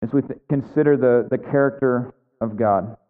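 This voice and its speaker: A man's voice: mid-range voice, moderate pace. A man pastor delivers a sermon in a church, earnest at first and then pressing each point with fervent emphasis. The sound is thin and phone-like. It rings with the long reverb of a big hall.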